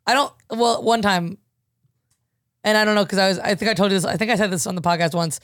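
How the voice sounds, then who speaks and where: A woman's voice: mid-range voice, quick pace, no echo, studio quality. A woman comedian guest on a podcast, talking candidly and chatting casually. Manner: candid, chatty, laughs a lot.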